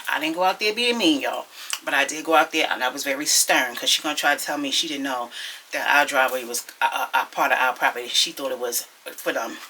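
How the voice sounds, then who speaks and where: A young woman chatting to her viewers at home, telling a story in an animated, gossipy way and calling them y'all. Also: sits low, a little hiss or hum. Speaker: vlogger. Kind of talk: casual chatty vlog storytelling. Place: at home, indoors.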